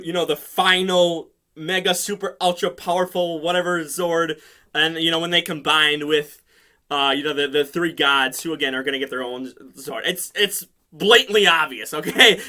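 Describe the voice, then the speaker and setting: Excitable male reviewer: high, very bright voice, rambling casual recap. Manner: excitable, laughing often, rambling with fillers. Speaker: show reviewer.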